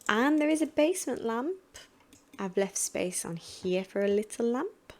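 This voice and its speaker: A woman's voice: fairly high pitch, expressive, a little slow, darkish tone. A woman chatting casually as she narrates building in a video game, thinking aloud about each choice. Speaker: gaming channel host.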